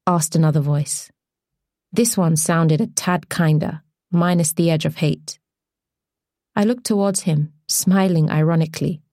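A woman reading an audiobook in measured, deliberate scripted narration. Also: low-pitched, fairly even intonation, dark tone, no room sound, studio quality.

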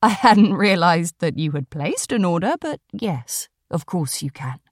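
Polite wry woman on a narrowboat, read by a woman, lively pitch, slow delivery. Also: dry recording, studio quality.

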